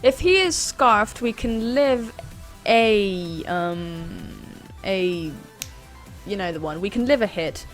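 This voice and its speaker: A woman's voice: mid-range voice, takes it slowly, faint music behind. A woman hosting a gaming channel, chatting through a live battle in a self-deprecating way. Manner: chatty, self-deprecating, sudden excited screams.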